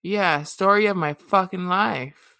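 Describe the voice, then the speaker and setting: A woman's voice: on the low side, takes it slowly, bright, forceful tone, no room sound, clean studio sound. A woman in a casual chat, joining in with crude, teasing banter. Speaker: podcast co-host.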